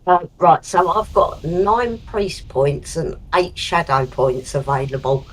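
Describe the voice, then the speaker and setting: A woman's voice: low-pitched, expressive, slow, low-quality recording. A woman from East London with a Cockney accent making brief, offhand remarks and mild swears while she plays a game. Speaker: streamer's wife, co-player. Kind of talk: casual gameplay chat.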